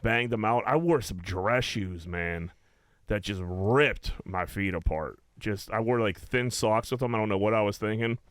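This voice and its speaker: A man's voice: on the low side, moderate pace, a bit bright, dry recording. A young man from Pittsburgh co-hosting a podcast, telling rambling stories in casual chat and swearing often. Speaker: podcast co-host.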